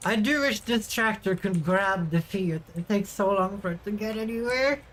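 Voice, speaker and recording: A woman's voice: medium pitch, moderate pace, a bit bright. A woman streaming a video game, chatting casually to her viewers with offhand swearing. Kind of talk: casual gameplay commentary.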